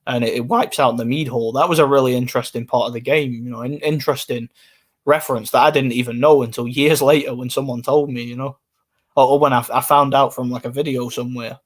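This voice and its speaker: A man's voice: medium pitch, fairly even intonation, quick pace. A man, casually chatting on a live stream and answering comments in a rambling way. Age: 20s.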